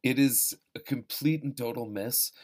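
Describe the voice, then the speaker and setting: A man's voice: medium pitch, normal speed, darkish tone. A man hosting a casual film-review talk, rambling and self-deprecating, with profane asides and frequent restarts. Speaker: podcast host reviewing films. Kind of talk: casual chat.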